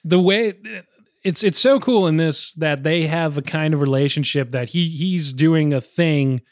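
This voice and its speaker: A man's voice: a little high, measured pace, no room sound, clean studio sound. A man co-hosting a casual movie podcast, talking in a thoughtful, rambling way with frequent restarts. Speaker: podcast co-host.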